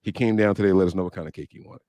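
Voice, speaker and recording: Man co-host, lowish voice, dry close mic, casual banter. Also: racing, mellow, no echo, muffled recording. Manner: loose, joking, slangy. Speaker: podcast co-host. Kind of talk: casual livestream chat.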